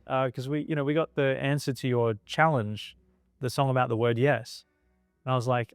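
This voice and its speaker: Label founder, smooth clear voice, dry close sound, lively storyteller who acts out quotes. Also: male voice, medium pitch, moderate pace, dry recording. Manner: animated anecdote-telling, acting out quoted dialogue. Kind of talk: documentary interview storytelling.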